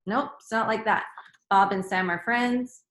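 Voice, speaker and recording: With a measured pace and mid-range pitch, a woman leads children through a grammar lesson. She brings the sentences to life by voicing them in varied tones, and the recording has a reverberant, echoey quality.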